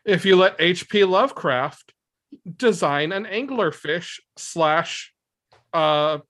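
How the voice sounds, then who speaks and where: A podcast co-host in a casual movie discussion, making wry, deadpan jokes. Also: medium pitch, slow.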